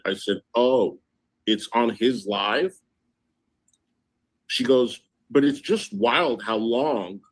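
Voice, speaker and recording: A man hosting a livestream, casually recounting and reading out text messages in an indignant tone. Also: fairly low pitch. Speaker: livestream host.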